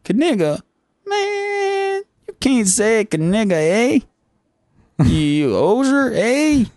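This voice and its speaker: A man's voice: extremely high pitch, very animated, slow, darkish tone, no echo, studio quality, pitched above the performer's own voice, full character voice. A man voicing a brash, swaggering young male rapper who barks slang insults and tags his lines with "eh". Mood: taunting.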